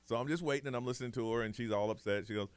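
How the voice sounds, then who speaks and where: A man's voice: medium pitch, very fast, clean tone, dry recording. A man hosting a morning radio show, telling a family story in casual chat and acting out the voices of relatives.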